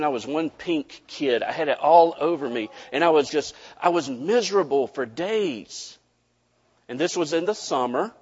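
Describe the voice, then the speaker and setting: Male pastor, folksy storyteller, church hall echo, muffled sound. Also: medium pitch. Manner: folksy storytelling, animated, addresses the congregation. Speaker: preacher. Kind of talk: sermon with a personal story. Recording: dull audio with long hall reverb.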